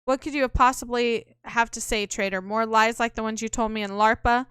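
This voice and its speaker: A woman's voice: fairly high pitch, steady tone, a little fast, a bit bright, clean tone, dry recording, studio quality, lightly acted. A woman reading aloud the lines of a stern, self-righteous young male knight in a game, speaking in an indignant, accusing way.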